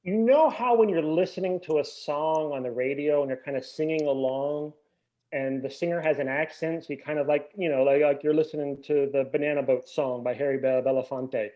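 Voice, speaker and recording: A man chats as a podcast guest, ranting with animated, mock-indignant energy. His voice sits a little high for a man. The sound is dull and lo-fi. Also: fairly quick. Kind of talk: casual podcast chat.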